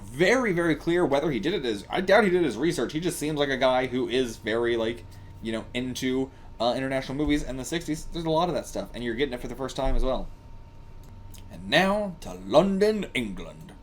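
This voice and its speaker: An excitable man hosting a casual reaction commentary, his pitch jumping all over the place. He laughs often and swears freely. He rambles and piles up fillers between thoughts. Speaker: reaction channel host.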